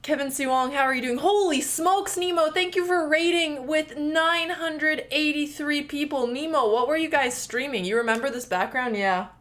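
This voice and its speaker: A woman's voice: high voice, normal speed, few pauses, fairly bright tone. A woman streaming from home who chats casually and reads out viewer names with thanks, a little sore in the throat. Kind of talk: casual live-stream chat. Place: home room.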